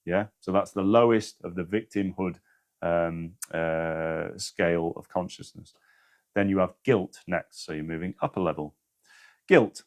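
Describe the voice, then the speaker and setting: A man with a fairly low voice hosts a relaxed spiritual livestream. He talks earnestly and swears freely. He reads passages aloud with strong emphasis. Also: measured pace. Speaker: spiritual live-stream host. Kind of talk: casual livestream talk, reading aloud.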